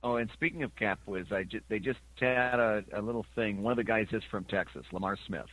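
Male co-host, lively and bright, close dry mic. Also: on the low side, fairly quick, no room sound, rough recording. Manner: lively, laughs easily. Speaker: podcast co-host. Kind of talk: casual podcast chat.

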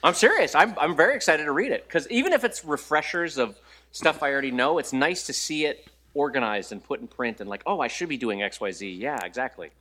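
A podcast co-host with a high, very bright voice, telling comic stories in casual chat. His pitch swings widely, and he slips into silly put-on voices for laughs. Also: expressive, brisk. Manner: jokey storyteller, mock accents and voices.

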